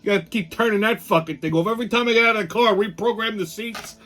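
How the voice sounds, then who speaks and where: A man's voice: high voice, fast, bright, forceful tone. A middle-aged man, hosting a casual monologue show, blunt, profane and ranting. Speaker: podcast host.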